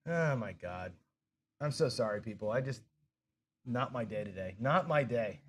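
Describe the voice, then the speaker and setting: A man's voice: mid-range voice, expressive, normal speed, a little hiss or hum. A man hosting a live craps stream in casual chat, frustrated and self-deprecating, swearing and scolding himself over his mistakes. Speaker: craps show host.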